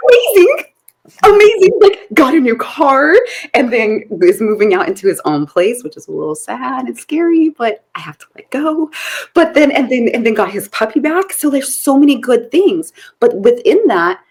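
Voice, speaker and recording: A woman's voice: fairly high pitch, expressive, normal speed, husky. A woman in her forties co-hosting a podcast in a chatty, rambling way, laughing often. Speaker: podcast co-host. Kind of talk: casual podcast chat.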